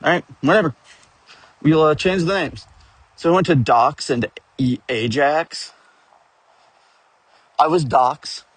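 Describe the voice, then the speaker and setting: A man with a husky, somewhat rough voice spins a rambling tale from his tabletop game, swearing freely and breaking into chuckles along the way. His voice sits close and dry, with no room sound around it. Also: a little high, slow, pauses often, no room sound. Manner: profane, rambling, with frequent chuckles. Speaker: tabletop game player telling a story. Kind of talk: rambling casual storytelling rant.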